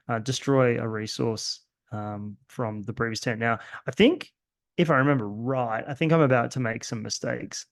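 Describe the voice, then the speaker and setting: A man's voice: mid-range voice, dry recording, studio quality. A man with an Australian accent talks through his own card game in a rambling, self-deprecating way, full of fillers and restarts. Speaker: host. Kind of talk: casual gameplay commentary.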